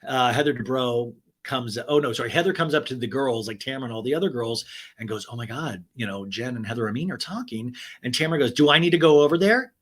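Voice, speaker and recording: A man hosting a podcast, recapping a reality show in a snarky, profane, casual style and putting on mocking high voices for quotes. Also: fast, fairly bright tone, breathy edge. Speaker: podcast host.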